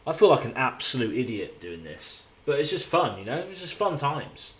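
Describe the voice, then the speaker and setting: A man's voice: medium pitch, sing-song, normal speed. An English man chatting casually on a live stream from a hotel room, rambling and laid-back, with the odd swear word.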